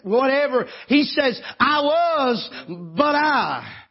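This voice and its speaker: A man preaching a sermon in church as pastor, moving from quiet scripture reading to impassioned, tearful shouting. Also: very high-pitched, sing-song, takes it slowly, creaky, slightly rough. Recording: dull lo-fi sermon recording.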